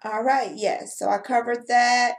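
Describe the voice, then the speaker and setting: Woman teacher, casual video lesson, playful, slangy asides, highish voice. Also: steady tone, unhurried. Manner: playful, chatty, laughs often, slangy asides.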